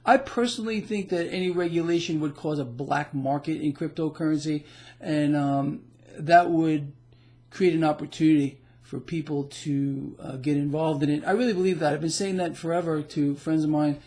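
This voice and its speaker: Emphatic man with a fairly high voice. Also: steady tone, normal speed, darkish tone. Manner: emphatic, boastful, laughs at the news. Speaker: financial blogger. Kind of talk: casual market commentary.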